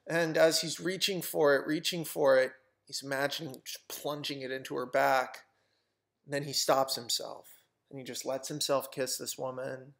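A young man pitching a film idea in casual storytelling, animated and full of fillers, swearing freely. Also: moderate pace, gravelly.

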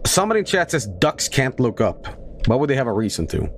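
A man's voice: medium pitch, big pitch swings, fast, slight background noise. A man streaming a video game, chatting casually with jokes and swearing. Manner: joking, rambling, swearing.

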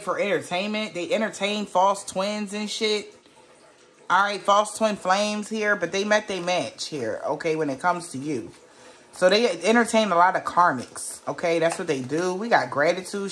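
A woman's voice: on the low side, fairly bright tone. Blunt, swearing woman reading tarot. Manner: blunt, profane and emphatic; rhetorical questions to the viewer. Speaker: tarot reader.

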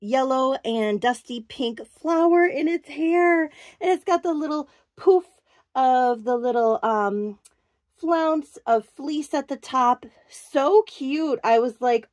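A woman's voice: a little high, darkish tone, no echo, studio quality. A woman chatting casually as she shows off doll clothes, gushing and cooing over every little detail. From Minnesota, USA. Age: adult, works in a clinic. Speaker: doll collector vlogger. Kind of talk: casual show-and-tell chat.

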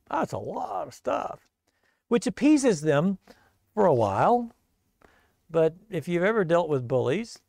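Pastor guy telling a bible story real casual, bit raspy, dry close sound. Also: on the high side, a little mellow, no room sound. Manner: casual, conversational retelling.

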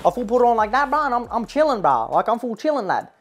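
In a comic parody vlog, a woman plays a brash young male eshay, speaking fast with a slightly high, very animated voice and an Australian accent. She's cocky, slangy and boastful, tacking "bruh" and "lad" onto every line.

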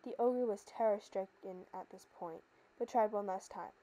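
Mellow woman narrating a folktale. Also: medium pitch, normal speed, low-quality recording. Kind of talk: scripted storybook narration.

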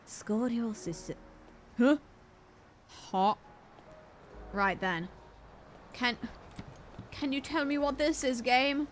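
A woman's voice: a little high, steady tone, drawn-out words, pauses often, a little hiss or hum. A woman streaming a game, chatting playfully, joking at herself and laughing often. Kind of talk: casual game-stream commentary.

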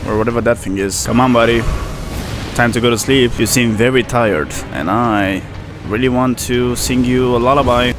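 A man's voice: medium pitch, moderate pace, over music. A man commenting on his own gameplay, sarcastic and laughing often as he talks to the enemies. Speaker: gaming channel host.

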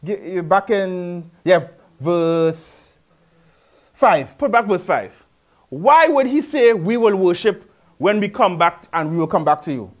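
A preacher delivers his sermon in a notably high voice for a man. He mixes rhetorical questions and repetition with joking, everyday asides. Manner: conversational and humorous asides in local speech.

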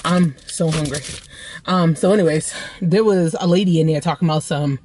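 A woman's voice: deep voice, moderate pace, a little mellow, slightly rough, no echo. A woman vlogging casually from her car into a phone, chatty and rambling, calling her viewers y'all. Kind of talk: casual vlog chat.

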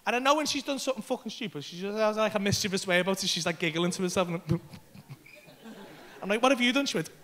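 A man in his thirties performing a stand-up comedy set on a club stage, telling a brash, sweary story with bursts of shouting into a handheld mic. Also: high-pitched, quick pace.

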